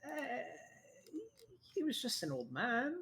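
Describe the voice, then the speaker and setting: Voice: medium pitch, very animated, slow pace, a bit bright, breathy edge, pitched above the performer's own voice, full character voice. A game master doing a sneering sadistic male villain. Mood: cruel. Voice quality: sneering, taunting, sing-song. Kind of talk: tabletop role-play.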